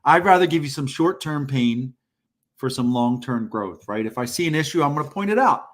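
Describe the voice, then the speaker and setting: A man's voice: mid-range voice, animated, a little fast. A man co-hosting a job-search livestream, talking casually and bluntly, saying plainly what he thinks people need to hear. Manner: blunt, direct, self-described band-aid ripper.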